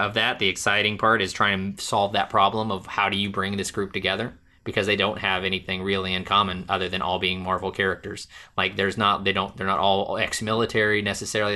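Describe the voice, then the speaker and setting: A man co-hosting a podcast, talking casually and animatedly, with rambling restarts and quick laughs. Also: on the low side, bright, forceful tone. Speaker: podcast co-host. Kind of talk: casual movie discussion.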